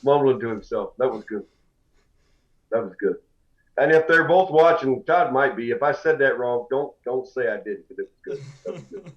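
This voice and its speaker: A man's voice: medium pitch, normal speed, muffled recording. A man co-hosting a podcast, telling a camp story in casual chat and acting out the voices. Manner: animated storyteller, acts out voices, laughs often. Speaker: podcast co-host.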